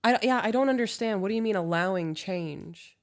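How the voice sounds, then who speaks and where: A woman co-hosting an advice podcast, calm and agreeable, reading listener emails aloud. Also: mid-range voice, brisk. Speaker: podcast co-host. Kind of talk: casual advice chat.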